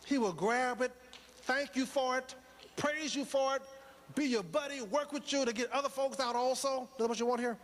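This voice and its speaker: High-voiced man preaching in a hall. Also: normal speed, a bit bright. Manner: preaching, rhetorical questions, repetition. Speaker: motivational speaker. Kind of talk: motivational speech to a live audience.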